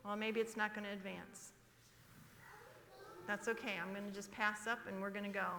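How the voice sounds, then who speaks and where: Brief: woman in her 60s, a preacher giving a sermon, bright forceful voice, long church reverb on the livestream. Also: mid-range voice, little pitch movement, moderate pace, pauses often, slight background noise. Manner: emphatic, asks the congregation questions. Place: church sanctuary.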